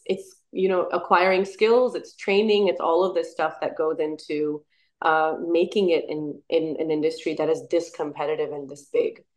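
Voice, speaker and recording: Brief: thirtysomething woman, upbeat interviewee, chatty and warm laughter, lower register. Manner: enthusiastic, laughs often, restarts. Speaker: musician and actor, interview guest. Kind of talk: casual interview chat.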